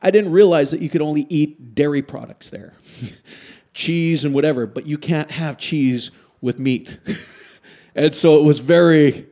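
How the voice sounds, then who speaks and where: A man's voice: a little high, measured pace. A man from Canada preaching a sermon, telling stories with animation and asking his listeners questions. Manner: animated storytelling, asks the audience questions. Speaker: pastor.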